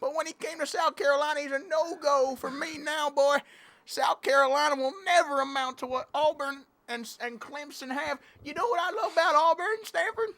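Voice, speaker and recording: A woman playing an excitable, rambling cattle-rancher sports superfan, doing comedic commentary. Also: sits high, moderate pace. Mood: excited rambling. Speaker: guest commentator.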